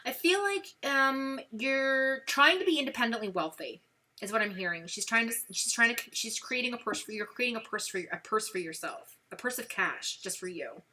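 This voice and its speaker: A woman's voice: a little high, normal speed. A woman with a Brooklyn accent giving a chatty live-stream tarot reading, talking straight to the viewer with plenty of fillers. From New York. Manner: chatty, animated, lots of fillers. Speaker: tarot reader.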